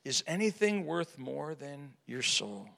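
A man preaching a sermon to a live audience, asking rhetorical questions and swinging from hushed to loud. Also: a little high, very animated, measured pace, creaky. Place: large hall with an audience. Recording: reverberant hall.

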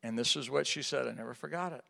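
A middle-aged man preaching a sermon as pastor, telling personal stories with animated delivery and acting out the dialogue. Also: mid-range voice, quick pace, gravelly. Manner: animated storytelling, acts out dialogue. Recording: long hall reverb.

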